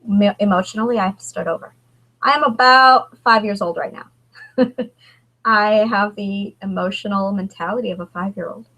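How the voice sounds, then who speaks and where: Halting, candid woman in her thirties. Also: mid-range voice, sharp tone, rough recording. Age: 30s. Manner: halting, emotional, many restarts. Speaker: author guest. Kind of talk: candid conversation.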